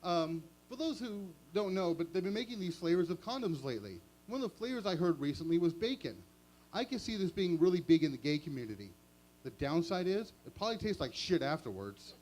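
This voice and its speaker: A man's voice: high-pitched, sing-song, a little fast, a little mellow, slight background noise. A man doing stand-up comedy at a small open mic, chatty and self-mocking. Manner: chatty, self-mocking, chuckles at own jokes.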